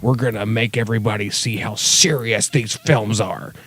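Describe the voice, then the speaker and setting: A man's voice: on the low side, moderate pace, fairly bright tone. A man co-hosting a casual podcast chat, laying out his opinions in long, opinionated arguments. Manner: opinionated, lays out arguments at length. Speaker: podcast co-host.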